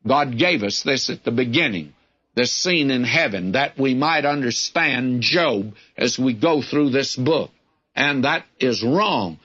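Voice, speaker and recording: A man's voice: mid-range voice, expressive, unhurried, fairly bright tone. A man teaching the Bible verse by verse on the radio in a plain-spoken, folksy way with wry asides. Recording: dull lo-fi radio broadcast recording.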